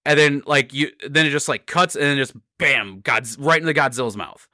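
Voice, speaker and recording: A young man co-hosting a podcast, excitedly recapping a movie in casual chat, swearing and acting out his own reactions. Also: medium pitch, moderate pace, dry recording, clean studio sound. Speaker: podcast co-host.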